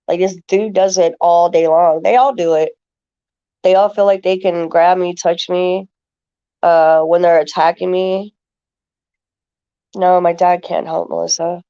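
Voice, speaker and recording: Low-voiced woman rambling to her viewers. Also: creaky, warm tone, dull audio. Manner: rambling, heavy with "like" and "uh" fillers. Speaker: livestreamer answering chat. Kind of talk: casual rambling talk to viewers.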